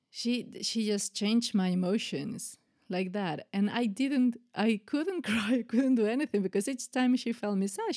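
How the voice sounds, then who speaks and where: A woman recounting a personal story in an earnest, emotional way. Her voice is mellow and dark-toned, and her talk is full of fillers and restarts. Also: mid-range voice, creaky.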